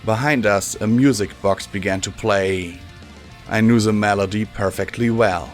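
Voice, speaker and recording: The reader of this fan-fiction audiobook is a man with a deep voice who delivers the text evenly and deliberately over soft background music.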